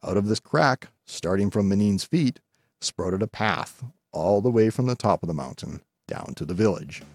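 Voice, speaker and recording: A man reading a folk tale aloud as scripted narration, calm and measured. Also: on the low side, breathy edge, no room sound. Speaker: storyteller.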